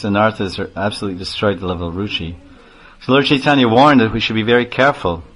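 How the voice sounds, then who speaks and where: A man's voice: fairly low pitch, fairly bright tone. A man, a spiritual teacher, giving a chatty sermon full of stories and laughter. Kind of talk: sermon with storytelling.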